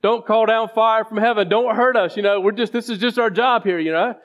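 A man's voice: sits high, fairly even intonation, brisk, a bit bright, highs cut off, voice pushed up. A man voicing a group of nervous soldiers begging a prophet to spare them. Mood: pleading. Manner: pleading, apologetic.

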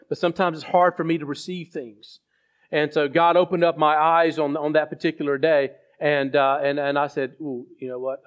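A man preaching a sermon as pastor, telling a story with frequent restarts. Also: on the high side. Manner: halting storyteller with many restarts.

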